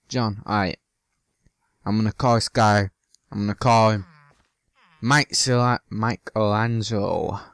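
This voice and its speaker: A man's voice: mid-range voice, dry recording. A man giving loose, joking commentary over his own gameplay, swearing now and then and slipping into silly bits. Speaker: gaming channel host.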